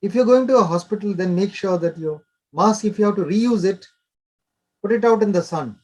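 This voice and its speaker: A man's voice: high voice, normal speed. An older man, a doctor explaining in an interview with short, instructive directives.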